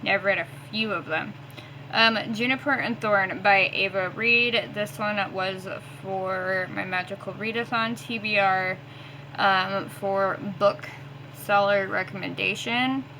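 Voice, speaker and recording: A woman book vlogger ranting casually about her reading, swearing often and filling pauses with ums. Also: mid-range voice, fairly even intonation, pushed and bright, a little hiss or hum, poor audio.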